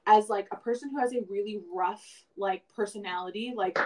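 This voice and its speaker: A woman's voice: mid-range voice, a little fast, hardly any pauses, darkish tone, low-quality recording. Rambling woman podcast co-host. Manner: rambling, many "like" fillers, reflective. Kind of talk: casual chat.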